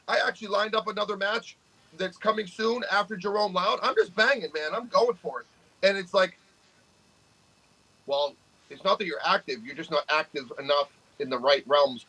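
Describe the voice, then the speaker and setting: Brash profane man, high bright voice. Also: brisk, husky, poor audio. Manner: profane, brash trash talk. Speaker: podcast co-host, arm wrestler. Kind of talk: casual podcast chat.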